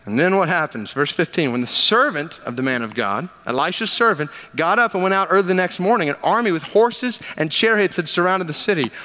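Male pastor, slightly higher voice, preaching conversationally with wry asides; big reverberant sanctuary. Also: expressive, brisk, few pauses, sharp tone. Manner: conversational, emphatic, with joking asides. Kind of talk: sermon with scripture reading. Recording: long reverb of a large hall.

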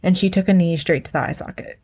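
A woman in her thirties with a slightly low voice talks openly in an unscripted conversation. Her speech is emotional and loose, full of "like" fillers and offhand swearing. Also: fast, a little mellow. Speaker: podcast co-host. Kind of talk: candid personal conversation.

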